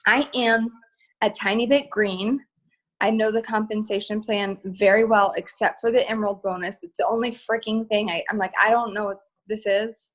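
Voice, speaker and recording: A woman talks casually on a live stream, chatty and upbeat, with lots of "like" and "um" fillers. Her pitch sits in a middle range for a woman. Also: fairly even intonation, moderate pace, low-quality recording. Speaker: guest speaker.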